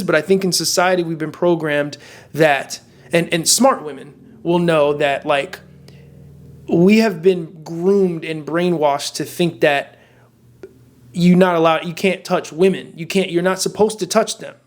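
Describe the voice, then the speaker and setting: High-voiced young man ranting bluntly. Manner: blunt and profane, emphatic with frequent restarts. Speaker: dating advice vlogger. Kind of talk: casual rant to camera. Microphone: camera mic.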